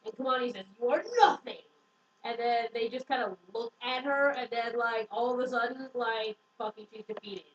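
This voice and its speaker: This book reviewer is a young woman who speaks fairly quickly with few pauses, in a fairly high, fairly bright voice with a steady tone. She recaps a book casually, swears freely, says "like" constantly, and performs the quotes. A distant mic captures a dull, echoey room with a little hiss or hum.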